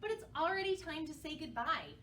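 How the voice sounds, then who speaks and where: A woman, a children's librarian, leading a storytime for young children with bright, encouraging talk. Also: high-pitched, expressive, a little fast, reverberant, far from the mic, slight background noise.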